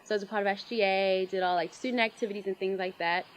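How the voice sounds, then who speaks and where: A woman's voice: mid-range voice, fairly even intonation, fast, a little hiss or hum, low-quality recording. Bubbly young woman, chatty. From Baltimore, Maryland. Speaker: pageant titleholder guest. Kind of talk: casual interview chat.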